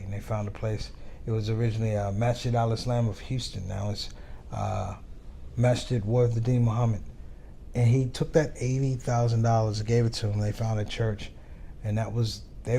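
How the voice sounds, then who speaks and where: Comedian guy telling a story, gets loud and animated, does little voices for people. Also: on the low side, a little hiss or hum. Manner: animated storyteller, acts out dialogue. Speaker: comedian guest. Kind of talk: storytelling chat.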